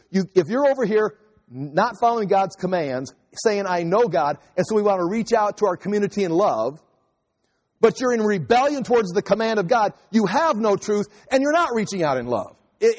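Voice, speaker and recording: A man with a high-pitched voice delivers a sermon, walking through scripture in a loose, conversational way with quick asides. His voice rings with a long reverb, as if in a large hall. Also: a little mellow. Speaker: pastor.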